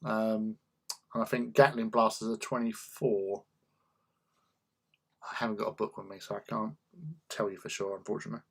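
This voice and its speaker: A man's voice: on the low side, level tone, moderate pace, creaky, pauses often, breathy edge. A man chatting casually while he paints miniatures, muttering to himself as he works. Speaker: hobby painter.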